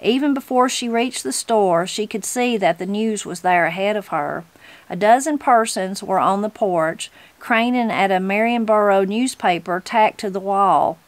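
A woman reading a storybook aloud as a channel host, in a steady, unhurried way. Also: mid-range voice, no room sound.

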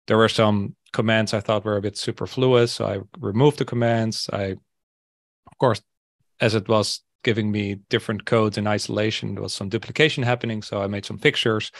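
A man's voice: on the low side, no room sound, studio quality. A male developer co-hosting a podcast, talking through his work in a thoughtful, hesitant way with many fillers. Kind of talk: casual podcast chat.

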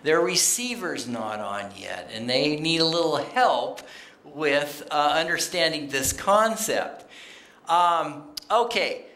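An unhurried preacher with a swooping, expressive delivery, speaking plainly and reading out scripture between friendly asides to the congregation. The voice rings through a roomy church sanctuary. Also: mid-range voice. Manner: animated, plainspoken, quoting scripture and addressing the congregation. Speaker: guest speaker on missions. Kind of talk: conversational sermon.

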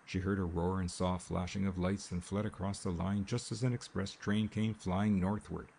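Deep, gravelly male audiobook narrator. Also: little pitch movement, moderate pace, dark tone, slight background noise. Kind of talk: scripted narration. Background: rain sounds.

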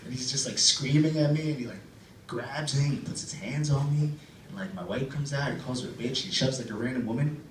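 A man's voice: mid-range voice, fairly quick. A man doing rambling stand-up stories and spoken-word poems at an open mic, full of loose "like"s and "uh"s. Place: club stage before a live audience. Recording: roomy live room, distant mic, faint background noise.

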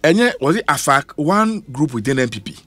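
A Ghanaian-accented man argues on a radio panel in a high voice that swings widely up and down. He speaks emphatically and moves between English and Twi. The sound is dry and close, with little room echo. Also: sing-song, a little fast, fairly bright tone. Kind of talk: heated radio panel discussion. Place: radio studio.

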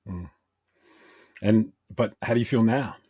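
Male podcast host, low voice, friendly and questioning. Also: measured pace, dark tone, husky. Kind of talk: casual podcast chat.

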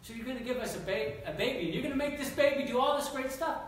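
A man's voice: extremely high pitch, quick pace, pitched above the performer's own voice. A man doing exasperated old Abraham. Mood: pleading. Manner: pleading, exasperated outbursts. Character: exasperated elderly patriarch Abraham. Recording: echoey church hall, distant mic, background noise.

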